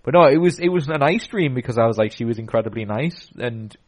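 A man hosting a podcast in a relaxed, rambling way. He circles back on himself, piles up fillers and restarts, and keeps the chat loose and conversational. His voice sits at a middling pitch for a man. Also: fast talker. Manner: rambling storytelling with many fillers. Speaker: podcast host.

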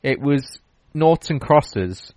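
A man's voice: mid-range voice, animated, slow pace, darkish tone, no room sound, poor audio. A man hosting a podcast, chatting casually and rambling through stories with lots of restarts and fillers. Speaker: podcast host. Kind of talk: casual chat.

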